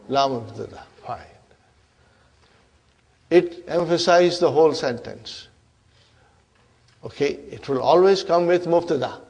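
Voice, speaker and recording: With a slightly high voice and a darkish tone, a native Urdu speaker leads a class in Arabic grammar. He frequently asks his students questions and checks in with them by saying "huh?"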